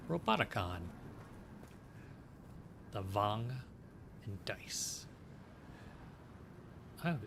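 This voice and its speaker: A man's voice: lowish voice, creaky, noisy background. A man giving casual, joking commentary while playing a game, talking back to the characters. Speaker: let's play host.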